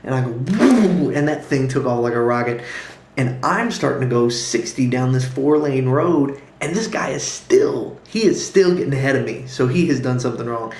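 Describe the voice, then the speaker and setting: A man tells a story with gusto, punctuating it with sound effects and acted-out quotes. His voice sits at a middling pitch. He records in a roomy space with a noticeable echo. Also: moderate pace, darkish tone. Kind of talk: animated personal storytelling.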